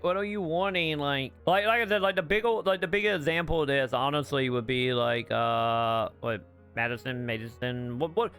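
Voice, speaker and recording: Full of fillers and restarts, a gaming vlogger with a medium-pitched, slightly bright voice rants bluntly about a game's story over faint background music. He's a channel host who swears when exasperated in this casual, rambling talk.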